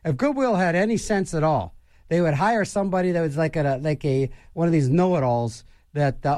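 Male radio DJ, rambling banter, very animated pitch, dry studio sound. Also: fast, no echo. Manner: wisecracking, meandering, with sighs and jokey asides.

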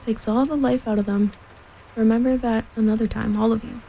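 A woman's voice: on the high side, fairly even intonation, fairly quick, dark tone, a little hiss or hum, close to an everyday voice, rough recording. A woman voicing a gloomy, grumbling old male donkey in a storybook reading. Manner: grumbling, sour.

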